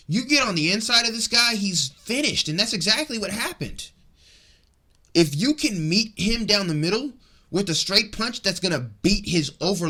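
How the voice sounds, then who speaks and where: Young dude ranting about a fight, bright sharp voice, kinda high, gets loud then mutters. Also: male voice. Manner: excitable, rambling, swings between loud rants and mutters. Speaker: MMA commentary vlogger. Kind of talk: fired-up casual fight breakdown.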